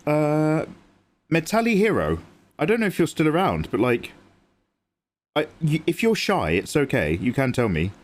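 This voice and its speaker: This young man from England sounds very animated in a slightly high voice, speaking at a moderate pace with frequent pauses. Drawing on a livestream, he chats casually with viewers, responds to their messages, and explains his work as he goes.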